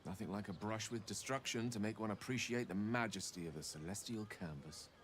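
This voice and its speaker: An actor playing a refined companion who speaks in an eloquent, reflective way. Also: male voice, lowish voice, fairly quick, a bit bright, a little hiss or hum, natural voice.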